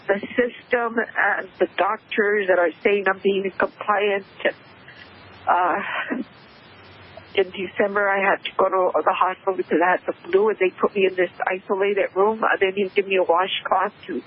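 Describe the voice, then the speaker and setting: A woman calling into a radio talk show, emotional and tearful, speaking haltingly over a muffled phone line. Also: medium pitch, slight background noise. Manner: halting, hesitant speech. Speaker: caller. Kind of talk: call-in radio conversation.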